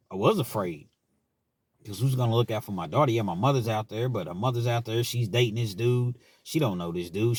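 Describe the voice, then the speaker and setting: Low-voiced man telling a personal story. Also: no room sound. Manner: earnest, rambling, restarts often. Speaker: vlogger.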